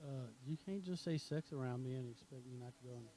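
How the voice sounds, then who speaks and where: A man's voice: medium pitch, quick pace, mellow, a little hiss or hum, poor audio. A man, co-hosting a podcast in casual chat, rambling and crude in his jokes. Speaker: podcast co-host.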